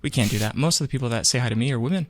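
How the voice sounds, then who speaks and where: A man's voice: mid-range voice, very fast, soft background music. A man co-hosting a podcast, telling a rambling story in a casual chat and acting out what people said. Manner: animated storyteller who acts out what people said; rambling, with many fillers and self-corrections. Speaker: podcast co-host.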